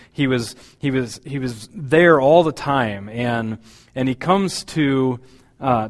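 A man's voice: mid-range voice, in a large hall. A man preaching a sermon as pastor, talking in a conversational, hesitant way with many fillers.

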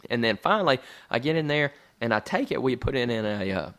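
Man, thirties, bright forceful tone, animated storyteller, laughing, acting out the people in his story, casual podcast chat. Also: mid-range voice, brisk. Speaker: podcast co-host.

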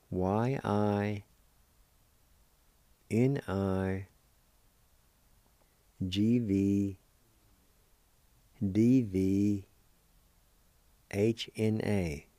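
Slow, deliberate male language teacher. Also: lowish voice, dark tone, no room sound. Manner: slow and deliberate, spelling words letter by letter. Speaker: host teaching Cherokee words. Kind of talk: radio language lesson.

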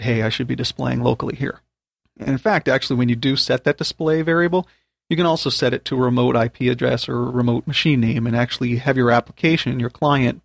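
Gravelly man patiently dictating commands. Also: mid-range voice, no room sound. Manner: patient, spells out commands step by step. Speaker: podcast host teaching a topic. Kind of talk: spoken tutorial.

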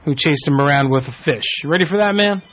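Brash, profane prank radio host. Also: male voice, on the high side, quick pace. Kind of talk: prank call radio show. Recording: dull lo-fi with faint music.

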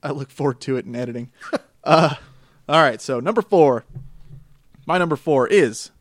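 A man co-hosting a gaming podcast, chatting casually and telling animated stories with frequent laughter. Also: mid-range voice, moderate pace, dry recording, clean studio sound. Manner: laughs often, animated storytelling. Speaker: podcast co-host. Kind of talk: casual chat about games.

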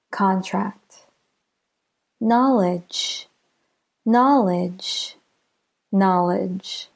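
A woman with an American accent teaching English pronunciation, speaking slowly and clearly and repeating example words for learners. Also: medium pitch, a little mellow.

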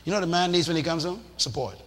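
A man preaching a sermon in a lively, animated way, acting out little scenes and shouting for emphasis. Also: on the high side, very fast. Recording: reverberant hall with faint noise.

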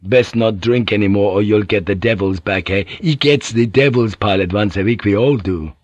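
A man's voice: on the low side, normal speed, no room sound, lo-fi sound, natural voice. A man voicing a sailor who teases a shipmate with mock sympathy. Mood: teasing.

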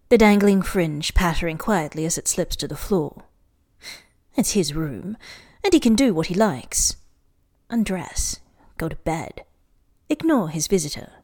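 A woman's voice: fairly low pitch, darkish tone. A woman reading fan fiction aloud to a friend, stopping now and then to fix slips or ask about a word. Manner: reads steadily, stops to ask about words and laugh at slips. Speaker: reader and co-host.

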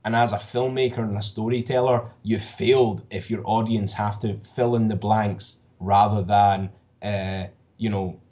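A man co-hosting a podcast who talks about films in an animated, excitable way and swears freely. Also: on the low side, measured pace, few pauses. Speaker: podcast co-host. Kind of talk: casual podcast chat.

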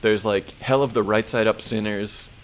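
A man co-hosting a podcast, recapping a horror episode in an animated, profane, casual way. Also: lowish voice, slight background noise. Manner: animated, profane storytelling with quick put-on voices. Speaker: podcast co-host.

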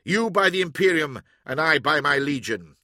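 Man voicing a stern warrior, commanding, clipped, forceful, bright. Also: on the high side, expressive, normal speed, no echo, clean studio sound. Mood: bitter. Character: stern armored male warrior, proud and angry. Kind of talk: audiobook character voice.

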